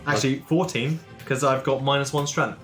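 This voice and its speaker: A man's voice: mid-range voice, fairly even intonation, fairly quick, music in the background. A man playing in a tabletop game, talking casually with many hesitations. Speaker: player.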